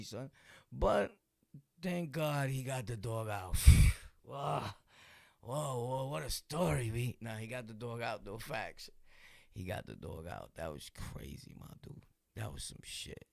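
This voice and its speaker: A young man with a New York accent tells street stories in loose, slang-heavy talk. He laughs often and acts out the voices of people in them. His voice is gravelly, and the recording is dry and close. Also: mid-range voice, animated, takes it slowly, no echo. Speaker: vlogger telling true stories. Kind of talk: casual street storytelling.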